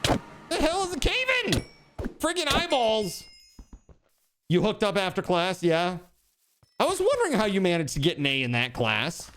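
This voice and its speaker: A man's voice: sits high, huge pitch swings, moderate pace, long pauses, a bit bright. Chatty laughing male game streamer. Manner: laughs often while telling stories, reads chat aloud. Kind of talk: casual gaming stream chat.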